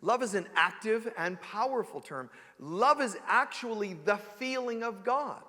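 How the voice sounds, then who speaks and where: Lively, bright-voiced man preaching in a hall. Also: sits high, unhurried. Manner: animated, joking, full of rhetorical questions. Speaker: spiritual teacher. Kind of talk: sermon. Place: church sanctuary.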